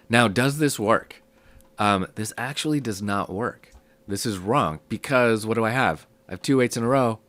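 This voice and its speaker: A man teaching music theory in a relaxed, step-by-step way, his voice low and rough from a cold, with many ums. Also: dry recording. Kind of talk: casual spoken lesson.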